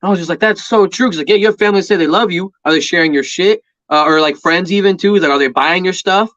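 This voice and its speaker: A man's voice: high voice, fast, a bit bright. A man co-hosting a podcast, rambling loosely in casual chat with many fillers. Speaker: podcast co-host. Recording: dull lo-fi audio.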